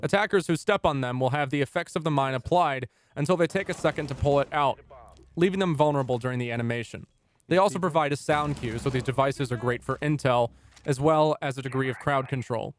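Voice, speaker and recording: A man's voice: mid-range voice, fairly quick, a little hiss or hum. A young man reading a scripted game guide with dry, jokey asides. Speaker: gaming YouTuber.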